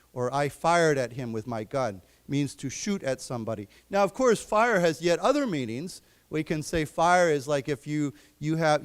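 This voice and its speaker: A man teaching a live English class, slowly explaining vocabulary and quizzing his students. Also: medium pitch, clear, resonant tone. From United States. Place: library lecture room.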